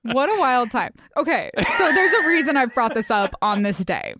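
A woman's voice: on the high side, very animated, moderate pace, a bit bright. A young adult woman hosting a podcast in casual chat, giggly and rambling with lots of "like," on a studio mic. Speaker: podcast host.

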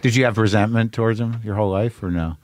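A man's voice: fairly low pitch, fairly even intonation, fast talker, a little hiss or hum. A man from New Mexico hosting a podcast, asking brief questions and prompting his guest. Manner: short prompting questions and backchannels. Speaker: podcast host. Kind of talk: casual interview conversation.

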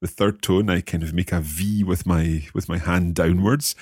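A man co-hosting a language-lesson podcast, asking curious questions and slowly repeating phrases with a chuckle. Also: sits low, steady tone, darkish tone, husky, no room sound, clean studio sound. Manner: curious, chuckling, slow careful repetition. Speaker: podcast co-host learning Mandarin. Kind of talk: casual language-lesson chat.

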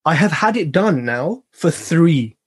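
A man's voice: on the high side, animated, unhurried, husky. A man hosting a casual podcast, bantering in slang and laughing often. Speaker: podcast host.

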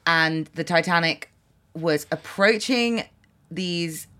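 A woman's voice: on the low side, takes it slowly, fairly bright tone, smooth. A young woman co-hosting a comedy podcast, thinking aloud in rambling casual chat full of fillers and wordplay. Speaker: podcast co-host guessing the answers.

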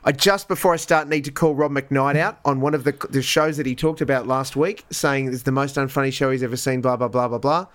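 Wry male co-host with quick asides. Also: medium pitch, steady tone. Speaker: podcast co-host. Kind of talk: casual podcast chat.

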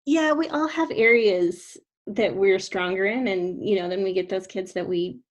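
Agreeable woman co-host, conversational. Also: medium pitch. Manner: agreeable, backchannels often, measured. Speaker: speech therapist, podcast co-host. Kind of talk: casual podcast chat.

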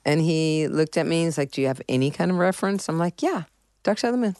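A woman's voice: sits low, lively intonation, quick pace, darkish tone, no echo, clean studio sound. A middle-aged woman musician telling stories in an interview, rambling and profane, full of restarts and fillers. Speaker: musician guest. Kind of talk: candid interview storytelling.

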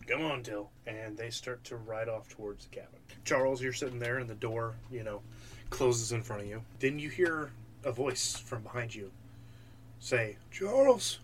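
A man narrating a tabletop game as game master, with a relaxed, filler-heavy delivery. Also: medium pitch, normal speed, a little hiss or hum.

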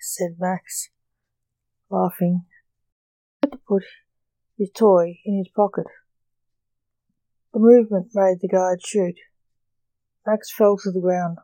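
A woman reading her short story aloud, slow and deliberate. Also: medium pitch, steady tone, mellow, no room sound.

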